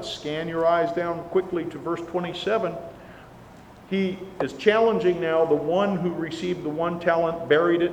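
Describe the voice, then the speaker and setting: Emphatic preacher man in a reverberant hall. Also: fairly high pitch. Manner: earnest, emphatic, rising on key words. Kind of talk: sermon. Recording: long reverb, faint background hiss.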